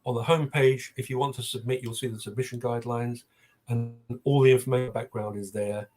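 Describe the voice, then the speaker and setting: Older man, husky; chatty guest storyteller. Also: mid-range voice, steady tone, a little fast, a little mellow, soft background music. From South London. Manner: anecdotal, hesitant with many ums. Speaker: literary agent guest. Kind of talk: casual interview chat.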